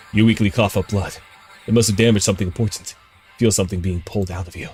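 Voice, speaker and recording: A man's voice: deep voice, a little mellow. Young man streaming a horror game. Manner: reads eerie game text, then swears and exclaims. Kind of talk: livestream gameplay, reading game text aloud.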